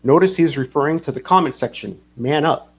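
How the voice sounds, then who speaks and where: A man's voice: a little high, brisk, husky. A man hosting a livestream, rambling casually, swearing and reading chat comments aloud. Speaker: livestream host.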